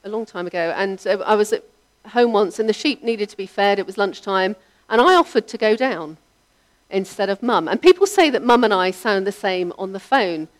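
A woman preaching a sermon, in a measured, reflective delivery whose line ends trail off softly. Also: mid-range voice, animated.

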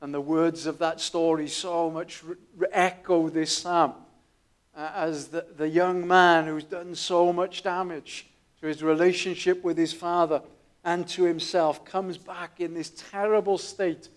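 A man preaching a sermon, telling stories in a quiet, earnest way with small restarts. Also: a little high, level tone, measured pace.

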